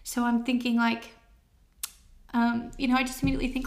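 A woman in her thirties giving a personal testimony as an interview guest, emotional and halting with many fillers, near tears. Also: a little high, little pitch movement.

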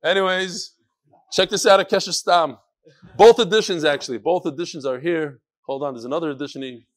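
A man's voice: on the high side, fairly quick. A man hosting a casual chat show, reading listener emails aloud with joking asides.

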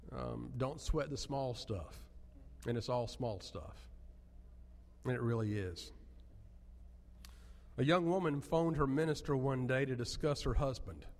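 A man's voice: medium pitch, a little mellow. Man preaching in a reverberant church. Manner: earnest, emphatic preaching with rising peaks. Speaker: pastor. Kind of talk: sermon.

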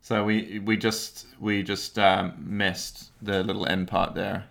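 A man's voice: deep voice, little pitch movement, slow pace, vocal fry, a bit bright. A man co-hosting a casual movie review podcast, teasing his co-host and keeping time.

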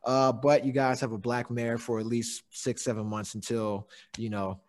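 A young man hosting a casual podcast chat, swearing freely and laughing through animated stories. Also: medium pitch, moderate pace. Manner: profane, laughing, animated storyteller. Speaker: podcast host.

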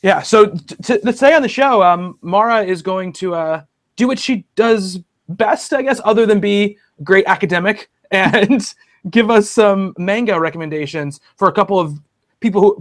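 Guy hosting a comics podcast, kinda high voice, rambly with lots of likes and um restarts. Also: normal speed. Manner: rambling, chatty, full of fillers and restarts. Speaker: podcast host. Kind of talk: casual chat about comics.

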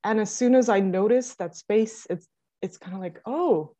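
A woman in casual conversation, telling stories in an animated way and laughing often. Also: mid-range voice, normal speed. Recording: muffled lo-fi audio.

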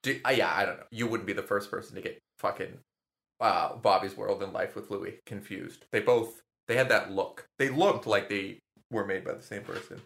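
A man's voice: on the low side, normal speed, gravelly, fairly bright tone. A young adult man in a casual comedic chat, rambling, swearing and laughing often.

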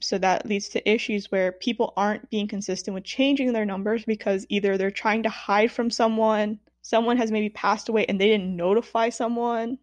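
A woman's voice: mid-range voice, moderate pace, hardly any pauses, no echo. Wry woman in dry casual chat. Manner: relaxed, wry, swears casually. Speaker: podcast co-host.

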